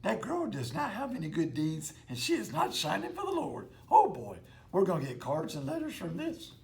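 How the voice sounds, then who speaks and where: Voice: mid-range voice, wildly swooping pitch, moderate pace, gravelly, darkish tone. A performer voicing the goofy cartoon slacker Shaggy as host of a children's church puppet show, rambling and easily flustered. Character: goofy laid-back young man cartoon character, Shaggy.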